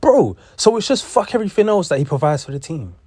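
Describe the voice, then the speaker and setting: A man's voice: fairly high pitch, sing-song, fast talker, a little mellow, husky, no room sound. Heated young man ranting about sports. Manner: heated, repetitive, profane. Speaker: sports commentator.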